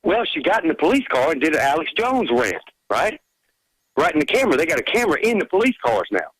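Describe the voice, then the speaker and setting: A man calls in to a talk radio show, talking casually with lots of pauses and fillers. His pitch moves about in a lively way, and the sound is dry. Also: husky, no echo, rough recording. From Georgia, United States. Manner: hesitant, with many fillers. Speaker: caller. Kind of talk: casual phone-in chat.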